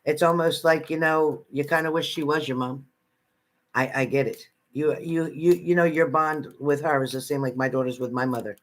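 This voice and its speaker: A man's voice: a little high, steady tone, normal speed. A man giving live psychic readings to viewers from home in a chatty manner, repeating phrases and calling people by name. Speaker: psychic reader.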